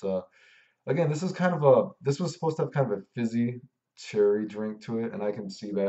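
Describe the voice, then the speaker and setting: A man's voice: lowish voice, mellow, dull audio. A man giving a laid-back, rambling spoken review of fragrances, describing them in loose detail.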